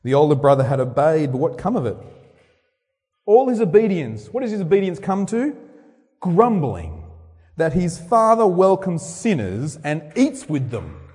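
A man preaches a dramatic sermon in church, acting out quoted speeches with sharp swings in pitch and loudness. His voice is slightly rough and unhurried, with big pitch swings. The long reverb of a large hall surrounds him.

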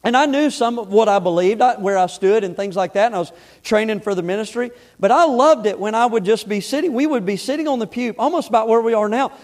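A man with a notably high voice delivers a sermon from the pulpit of a church. His talk is folksy and plain-spoken, and it swells into loud, emphatic exhortation. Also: quick pace. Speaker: pastor. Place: church sanctuary.

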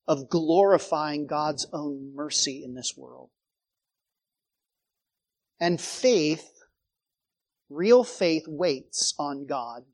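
Slow, high-voiced male preacher. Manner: earnest, rhetorical questions, rising emphasis then dropping low. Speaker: pastor. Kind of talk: sermon.

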